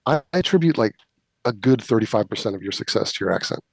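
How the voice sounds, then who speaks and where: A man's voice: on the low side, lively intonation, fast, gravelly, husky. Talkative Californian man, wry and opinionated. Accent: Californian American. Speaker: guest. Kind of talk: casual interview chat.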